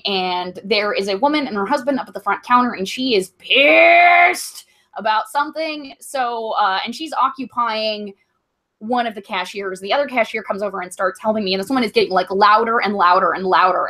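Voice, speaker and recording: A woman's voice: mid-range voice, normal speed, pushed and bright. A young woman co-hosting a comedy podcast, telling a long story in a rambling way full of likes and ums. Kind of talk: casual storytelling chat.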